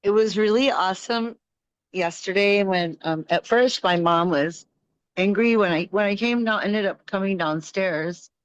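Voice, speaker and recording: A woman's voice: medium pitch, moderate pace, clean tone, no echo, highs cut off. A woman on a video call sharing a personal story earnestly, in a rambling way with many fillers. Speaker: participant.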